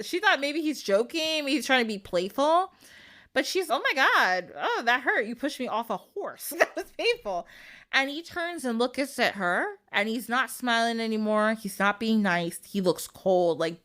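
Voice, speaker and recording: A woman podcast host with a bright, clear tone tells a story in a relaxed, playful way. She laughs often and slips in loose voices for the characters without ever fully changing her own. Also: mid-range voice. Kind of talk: casual storytelling.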